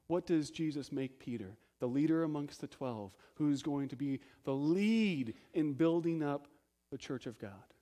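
Animated and a little slow, a male pastor preaches with emphasis, questioning his congregation rhetorically. His delivery shifts between loud stresses and quiet, low phrases.

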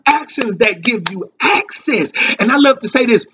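A man's voice: very high voice, lively intonation, moderate pace, pushed and bright, slight background noise. A man, a minister, preaching an online Bible lesson, emphatic and repeating his key lines while urging listeners on.

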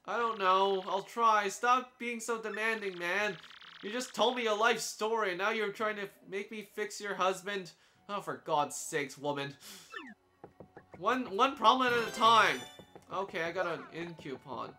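A young man giving casual, joking gameplay commentary as he plays, sarcastic and quick to laugh. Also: high voice, sharp tone, faint music behind. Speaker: let's play commentator.

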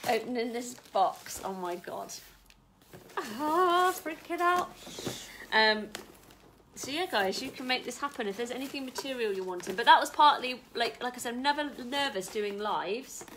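Excited woman chatting on a live stream at home, bright voice, a bit of background hum. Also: fairly high pitch, moderate pace. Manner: excitable, chatty, swears casually. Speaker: vlogger. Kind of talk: casual live-stream chat.

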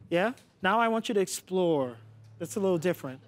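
A man's voice: high voice, expressive, brisk, soft background music. A man coaching a contemporary dance class, coaxing his students and often checking with a "yeah?". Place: dance studio.

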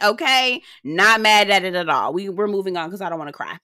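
A woman's voice: medium pitch, bright, forceful tone, dry recording, studio quality. A woman hosting a casual reality TV recap, sassy and dramatic, swearing freely and mimicking the cast. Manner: sassy, dramatic, profane, quick mimicry of others.

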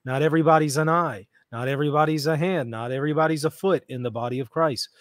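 A man hosting a casual chat, animated and laughing often. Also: a little high, fast talker, no room sound. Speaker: host.

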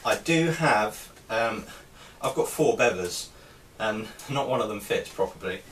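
A man with a fairly low voice talks through his collection in a relaxed show-and-tell way. He hesitates often, filling gaps with ums and starting phrases over. The mic sits a little away from him, with a faint hiss of noise underneath. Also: measured pace, far from the mic. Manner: hesitant, many ums and restarts. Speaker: artist showing his helmet collection. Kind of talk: casual show-and-tell vlog.

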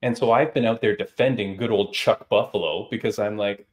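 A man hosting a podcast, chatting in an animated, teasing, gossipy way. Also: lowish voice, brisk. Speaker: podcast host. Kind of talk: casual chat.

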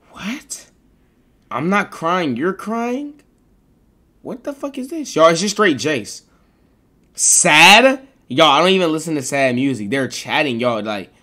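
A young man on a live stream, talking fast and excitably and repeating his protests. His voice sits a bit high, with a bright edge and pitch that swings all over the place. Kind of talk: casual live-stream reaction.

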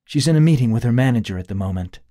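A man's voice: medium pitch, expressive, rapid-fire, dark tone, no echo, studio quality, voice pushed up, close to an everyday voice. A man voicing an anxious woman in her late thirties, a wealthy daughter who snaps back lightheartedly. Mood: brisk.

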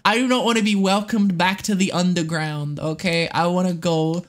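A woman from the United States streaming a game live, excitable and swearing often, muttering under her breath and then breaking into squealing shrieks. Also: lowish voice, normal speed. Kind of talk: live gameplay commentary.

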